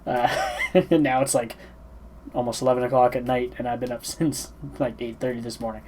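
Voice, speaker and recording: A man's voice: medium pitch, fairly even intonation, fairly quick, darkish tone, a little hiss or hum, poor audio. A sleepy man giving casual reaction commentary on a song, talking in a rambling, hesitant way with lots of fillers and restarts. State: sleepy, yawning. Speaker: music reaction channel host.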